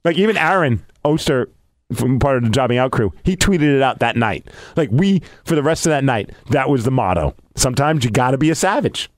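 A man co-hosting a casual podcast, telling a story with excitable, animated energy. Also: medium pitch, brisk, no room sound. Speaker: podcast co-host. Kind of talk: casual chat.

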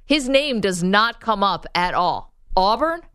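A woman co-hosting a sports radio show, chatting casually and bantering with quick laughs. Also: medium pitch, animated, a bit bright, clean tone, no room sound, studio quality. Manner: laughs often, quick back-and-forth banter. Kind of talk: casual sports talk chat.

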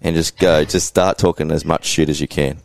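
A man's voice: rumbling low, steady tone, fairly quick, creaky, no room sound. A man hosting a casual fantasy sports podcast, laid-back and laughing often, calling everyone mate. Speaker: podcast host.

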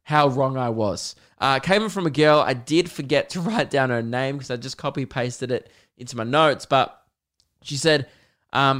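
A man's voice: medium pitch, normal speed, fairly bright tone. A young man hosting a podcast, rambling in a crude, joking way and acting out little scenes. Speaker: podcast host. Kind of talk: casual comedic monologue.

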